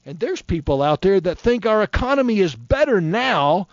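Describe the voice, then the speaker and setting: A man's voice: sits high, very animated, normal speed, few pauses, no echo. Impassioned preacher man in his fifties. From Florida. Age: 50s. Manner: impassioned, folksy, heated. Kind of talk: fiery sermon. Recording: dull, dry lo-fi recording.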